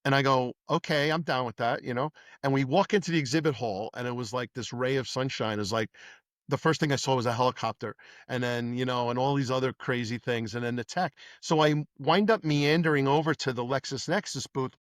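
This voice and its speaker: A middle-aged New man talks through his old police days in a casual interview, acting out the voices of people in his stories. His pitch sits in the middle of the range for a man. The recording is dry and close, with no room sound. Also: brisk, no echo. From New York. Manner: animated anecdotes with acted-out dialogue. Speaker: podcast guest, former police detective.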